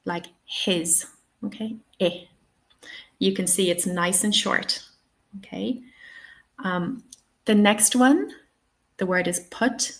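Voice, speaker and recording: A woman's voice: mid-range voice, slow. A woman with an Irish accent hosting an online lesson, patiently explaining and modelling each vowel sound. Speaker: English teaching webinar host. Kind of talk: online lesson, live webinar.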